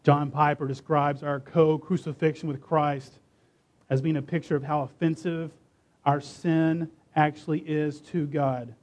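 A man preaching a sermon, reading scripture dramatically and emphatically, slowing and stressing key words. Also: on the high side, flat delivery, darkish tone.

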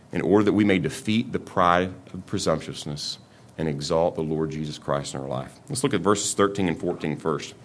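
Lower-voiced man preaching a conversational sermon. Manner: conversational preaching with frequent repeated restarts. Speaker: pastor.

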